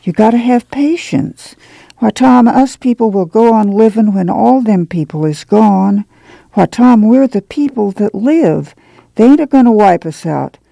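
A woman radio reader voicing a steadfast, soothing farm mother with a gravelly rural drawl. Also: mid-range voice, expressive, measured pace, mellow, no echo, full character voice.

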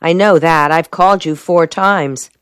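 A woman's voice: low-pitched, unhurried, clean tone, no room sound. A woman reading the part of a determined young male soldier, speaking swiftly and clipped, in an audiobook. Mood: insistent.

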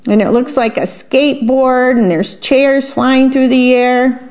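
A woman reading a picture book aloud to children in a lively, animated way, pausing to describe the pictures. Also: high-pitched. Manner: lively, animated read-aloud with brightening exclamations. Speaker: storybook reader. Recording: dull lo-fi recording.

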